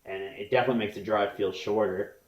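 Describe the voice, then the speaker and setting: A young man co-hosting a casual podcast chat, rambling and restarting his sentences, speeding up and slowing down. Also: on the low side, steady tone. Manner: rambling, restarts often, quick bursts then slow. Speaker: podcast co-host. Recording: roomy echo.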